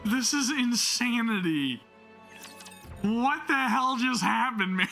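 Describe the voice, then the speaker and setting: A man hosting a gaming channel, reacting excitedly to a game story, swearing, laughing and stumbling over words, and reading narration aloud in between. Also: very high-pitched, slow, vocal fry, faint music behind.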